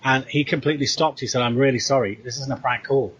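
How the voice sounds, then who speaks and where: A man's voice: mid-range voice, fast, highs cut off, slight background noise. A British man casually retelling a story, acting out the dialogue as he goes. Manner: animated retelling with quoted dialogue. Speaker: co-host.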